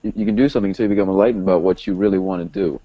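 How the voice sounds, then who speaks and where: A man in a casual group discussion, calmly explaining his point. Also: deep voice, racing, highs cut off.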